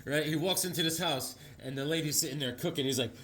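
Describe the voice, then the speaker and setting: Speaking fast in a somewhat high, fairly bright voice, a comic book collector runs his channel's casual review. He rambles freely, sprinkling in corny puns and side comments.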